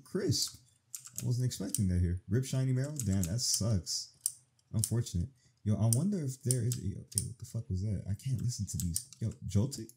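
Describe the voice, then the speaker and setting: A young man gives profane, excited let's-play commentary, talking to the game as he plays. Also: medium pitch, a little hiss or hum. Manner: profane, animated reactions, talks to the game. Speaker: gaming streamer.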